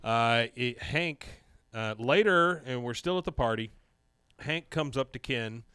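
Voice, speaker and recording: A man co-hosting a podcast, casually retelling an episode with animated storytelling and bursts of voices. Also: mid-range voice, a little slow, clear, resonant tone, no room sound, studio quality. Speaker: podcast co-host. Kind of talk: casual chat recapping an episode.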